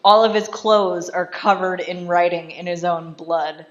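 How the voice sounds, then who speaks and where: A woman's voice: lowish voice, steady tone, unhurried. A woman casually recapping a film in chatty commentary, saying "like" constantly and laughing often. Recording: dull lo-fi voice recording.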